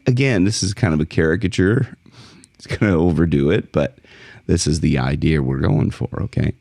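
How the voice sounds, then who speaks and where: A man teaching a singing lesson as a vocal coach, explaining technique in a relaxed way between short sung demonstrations. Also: moderate pace, dry recording, clean studio sound. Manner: speaks in a low fry, then jumps high to sing song lines in demonstrations.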